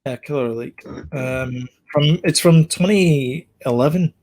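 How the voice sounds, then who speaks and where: A man's voice: fairly high pitch, a little mellow. A man co-hosting a podcast in casual chat, rambling with lots of ums. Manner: rambling, fills pauses with ums. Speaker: podcast co-host.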